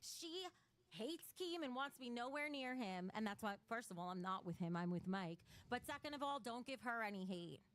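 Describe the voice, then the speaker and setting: A woman's voice: a little high, animated, normal speed, fairly bright tone. A woman hosting a livestream, talking bluntly and emotionally to her chat, with a lot of swearing. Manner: blunt and profane, emotional, reading chat donations. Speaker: livestream host. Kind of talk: casual livestream chat to viewers.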